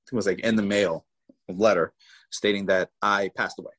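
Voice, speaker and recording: A man guest in an interview, telling his own story in an animated way and voicing the people in it. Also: on the low side, fairly quick, low-quality recording.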